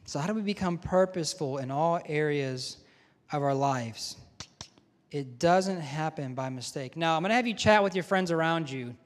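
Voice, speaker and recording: A man's voice: on the high side, normal speed. Joking man speaking in an echoing chapel. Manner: conversational, joking, asks audience questions. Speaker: head of school giving chapel talk. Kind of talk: chapel talk to students. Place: large chapel or auditorium with balcony. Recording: long hall reverb.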